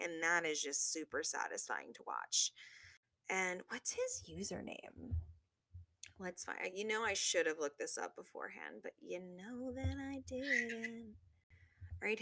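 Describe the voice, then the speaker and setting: A woman's voice: on the low side, pushed and bright, no echo. A woman hosting a casual solo podcast, chatty and gushing, filling her talk with "like" and the odd swear word. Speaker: podcast host.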